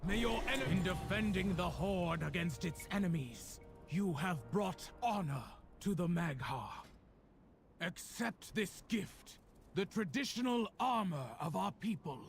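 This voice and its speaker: Brief: proud orc war-leader for a game, gravelly, slow and weighty, swinging pitch, soft music under. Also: female voice, expressive. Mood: ceremonial. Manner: commanding, ceremonial proclamations. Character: stern proud female orc overlord. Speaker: game character.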